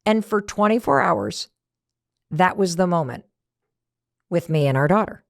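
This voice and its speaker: A middle-aged woman hosting a podcast, telling a story in an animated motivational talk that drops to whispered asides. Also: lowish voice, a little slow, vocal fry, dry recording, studio quality. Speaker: podcast host.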